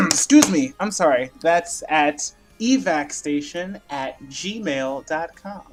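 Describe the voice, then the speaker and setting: A man's voice: a little high, animated, slow pace, hardly any pauses, soft background music. A man co-hosting a casual podcast, talking in a loose, easygoing, rambling way. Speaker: podcast co-host.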